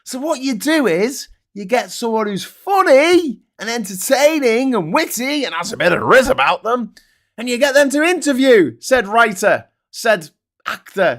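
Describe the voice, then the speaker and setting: A man's voice: very high voice, fairly bright tone. A middle-aged man hosting a casual morning show, reviewing headlines in a sweary, sarcastic and openly vexed way. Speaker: host. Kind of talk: casual commentary on newspaper headlines.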